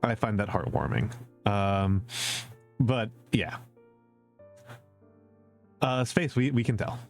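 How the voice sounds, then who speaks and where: Low-voiced man chatting on a stream. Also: lively intonation, slow pace, soft background music. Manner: opinionated, repeats phrases for emphasis; conversational, with many fillers. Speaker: VTuber streamer. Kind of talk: casual Q&A livestream chat.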